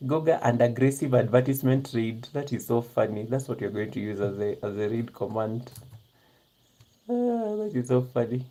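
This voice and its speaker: A YouTuber chatting casually to a live-stream chat in a hushed half-whisper, giggling often and addressing viewers by name. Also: medium pitch, lively intonation, normal speed. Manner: talks straight to viewers in the chat.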